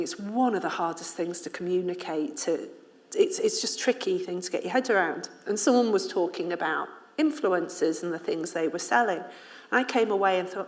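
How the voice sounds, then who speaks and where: A woman from Liverpool, an author and journalist speaking candidly to an audience at a public event, telling stories with frequent laughter. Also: fairly low pitch. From Liverpool, England. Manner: candid, animated storyteller who laughs often. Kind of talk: casual talk at a public ideas event.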